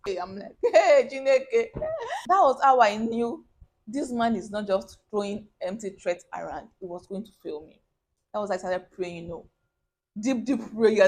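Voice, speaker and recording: A young woman tells her own story straight to camera, casual and lively. She slips into the voices of the people she quotes and often breaks into laughter. Her voice sits a little high for a woman. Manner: animated, acts out quoted voices, bursts of laughter. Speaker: vlogger telling a personal story.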